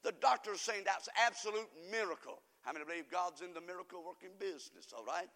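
A man preaching a folksy sermon to his congregation, rambling through stories and swinging from soft asides to loud emphasis. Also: sits high, fast. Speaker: pastor. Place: church sanctuary. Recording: reverberant church hall.

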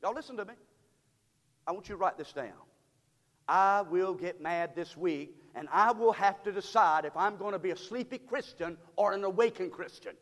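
A middle-aged man preaching a sermon as pastor, swinging from hushed talk to shouting. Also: high-pitched, normal speed. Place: church sanctuary. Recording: long reverb of a church hall.

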